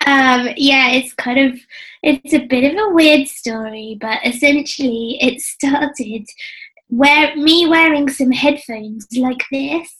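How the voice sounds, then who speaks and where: A woman in her forties with an English accent speaks in a relaxed, chatty way. Her voice sits a little high and sounds young, almost childlike. She tells her story with self-deprecating humour and frequent laughter. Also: takes it slowly, rough recording. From England. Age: 40s. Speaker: business coach. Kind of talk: casual interview. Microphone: headphones with mic.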